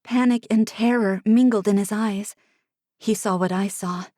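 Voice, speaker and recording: A woman narrating a first-person fantasy audiobook in a hushed manner, sometimes dropping to an unvoiced whisper, close to a studio mic. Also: mid-range voice, steady tone, measured pace, no echo. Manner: hushed, drops to unvoiced whispers in tense passages.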